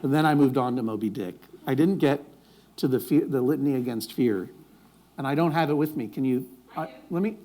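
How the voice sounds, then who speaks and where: A man's voice: mid-range voice, a little fast, darkish tone, a little hiss or hum. A man speaking on stage before a live audience, wry and rambling, often restarting his sentences. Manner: rambling, self-interrupting, wry jokes.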